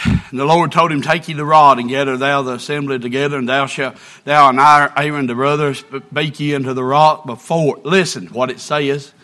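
A man's voice: medium pitch, fairly even intonation, moderate pace, pushed and bright. A man preaching an impassioned sermon and reading scripture aloud.

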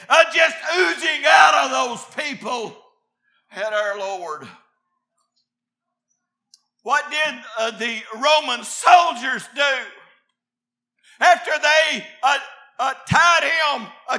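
A man preaching a revival sermon, often shouting, then dropping to quiet asides, with many filler "uh"s. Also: very high-pitched, slow, roomy sound.

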